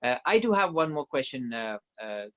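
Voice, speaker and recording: A man's voice: medium pitch, sing-song, normal speed. Man hosting, hesitant fillers. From Philippines. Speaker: webinar host. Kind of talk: reading out viewer questions. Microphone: video call.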